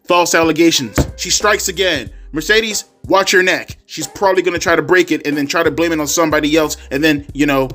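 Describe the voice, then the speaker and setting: A man's voice: on the high side, a little fast, few pauses. Profane ranting man, music behind. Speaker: wrestling commentary vlogger. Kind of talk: profane rant.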